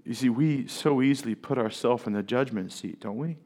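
A man delivers a sermon as pastor, his voice sitting in an ordinary middle pitch. He presses the congregation with rhetorical questions as he preaches. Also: fairly quick, darkish tone.

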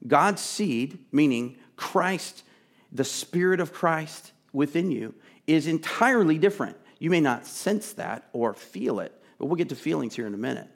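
A man preaching a sermon, earnest and emphatic, chatting with asides and sometimes dropping to a soft, pleading voice. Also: a little high, expressive, unhurried, vocal fry. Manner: drops to a soft, intimate tone to plead. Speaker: pastor.

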